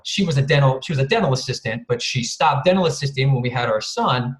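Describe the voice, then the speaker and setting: A man's voice: mid-range voice, expressive, fast. A man guest speaker telling a casual story over a video call, rambling, chuckling often and swearing casually. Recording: roomy video call audio.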